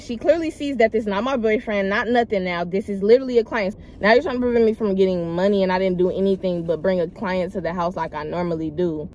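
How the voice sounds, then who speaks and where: A young woman vlogger chatting casually as she tells a personal story, emphatic and rambling, talking straight to her viewers. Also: on the low side. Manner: animated, emphatic retelling with loud acted quotes; slangy, rambling, addresses viewers as y'all.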